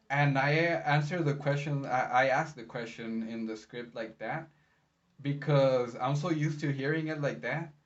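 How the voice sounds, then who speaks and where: A man's voice: mid-range voice, recorded from a distance, muffled recording. A man working as a medical interpreter, recapping his workday in a rambling, chatty way with many fillers. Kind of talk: casual vlog recap.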